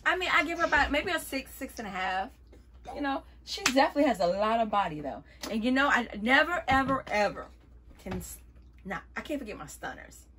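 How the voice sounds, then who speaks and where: A woman's voice: fairly high pitch, sing-song, brisk, sharp tone. A woman vlogging a wig review in a casual, playful way, often calling viewers y'all. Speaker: beauty vlogger.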